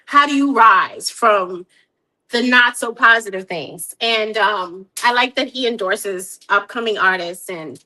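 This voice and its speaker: Bright, animated woman with a lilt. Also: medium pitch, measured pace. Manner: animated, laughs often, repeats words. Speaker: guest artist. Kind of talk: casual interview chat.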